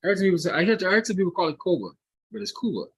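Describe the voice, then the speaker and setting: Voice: mid-range voice, rapid-fire, slightly rough, no echo. A podcast host chatting casually with a guest, friendly and encouraging, with lots of small affirmations. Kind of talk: casual interview chat.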